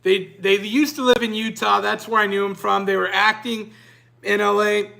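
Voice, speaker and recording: High, gravelly-voiced man telling a story. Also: moderate pace. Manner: animated, rambling, self-interrupting. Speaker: podcast host. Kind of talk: casual storytelling.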